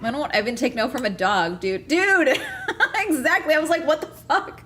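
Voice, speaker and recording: A young adult woman streaming and chatting casually, telling stories in a profane, animated way with many restarts. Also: sits high, normal speed. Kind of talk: casual livestream chat.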